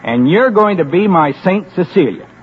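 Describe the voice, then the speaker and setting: A man's voice: high-pitched, expressive, moderate pace, loud music behind the voice. A man playing a troubled painter husband in a radio drama, earnest and stagey. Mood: eager. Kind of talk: 1940s radio acting. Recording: dull old radio broadcast with faint hiss.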